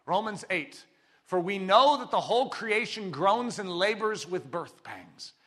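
A man preaching a sermon, swinging between loud, forceful exclamations and quiet, intimate asides. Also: high voice, expressive, measured pace. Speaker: pastor.

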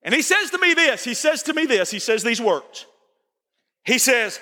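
A male pastor preaching a sermon, folksy and repetitive, building to shouts. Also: very high-pitched, very animated, moderate pace, long reverb tail. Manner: folksy, repeats phrases, rises to shouting. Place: church sanctuary.

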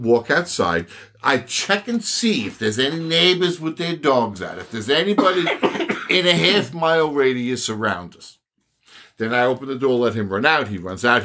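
An older man on a podcast, telling stories in a casual, animated way, swearing and laughing often. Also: medium pitch. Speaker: podcast host. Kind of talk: casual chat.

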